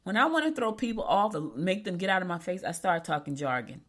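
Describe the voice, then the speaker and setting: A woman hosting a business talk show, speaking casually and emphatically, repeating key points and swooping up when she quotes people. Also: a little fast. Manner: lively, swoops high when quoting people. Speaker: podcast host.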